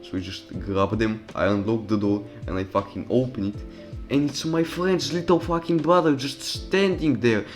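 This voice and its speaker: A man's voice: medium pitch, moderate pace, soft background music. A young man casually telling a personal story over gameplay, profane and rambling, with loose restarts. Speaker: storytime commentary YouTuber.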